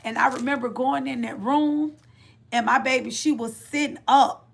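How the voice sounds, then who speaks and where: Middle-aged woman telling her faith testimony, kinda high voice with gravel in it, heartfelt, keeps repeating herself. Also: fairly even intonation, moderate pace. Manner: heartfelt, repetitive, restarts phrases, Southern Black church cadence of faith talk. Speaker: mother sharing a testimony. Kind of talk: emotional personal testimony.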